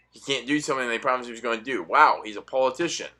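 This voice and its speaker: A young man ranting in a profane, sarcastic monologue, swinging between loud outbursts and muttered asides. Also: mid-range voice, fast talker, few pauses. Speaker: political commentary vlogger.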